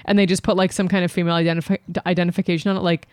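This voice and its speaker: A woman's voice: lowish voice, level tone, very fast, a little mellow, clear, resonant tone, dry recording, clean studio sound. A young woman co-hosting a podcast in casual, teasing banter, swearing now and then. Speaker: podcast co-host.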